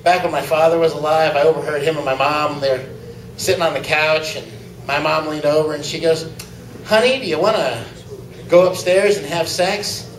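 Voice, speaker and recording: High-voiced man for a crude open-mic stand-up set; roomy club sound, mic at a distance. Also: fairly even intonation, normal speed, a little hiss or hum. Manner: crude joke-telling, laughing at own jokes. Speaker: stand-up comic. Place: small comedy club.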